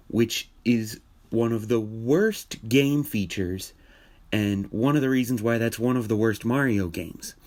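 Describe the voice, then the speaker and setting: Male video commentator, mid pitch, opinionated and thinking aloud, casual talk. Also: a little mellow. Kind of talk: casual commentary on a film trailer.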